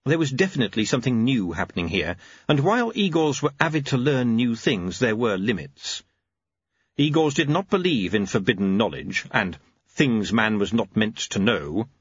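A man narrating a story in a wry, expressive way, in a dull lo-fi audiobook recording. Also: lowish voice, slightly rough, no room sound. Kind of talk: scripted narration.

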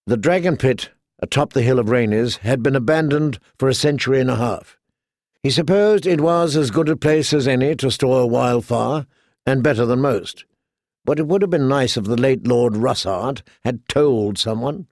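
A medium-pitched man reads an audiobook aloud, keeping his scripted narration even and measured. It's a dry recording with clean studio sound.

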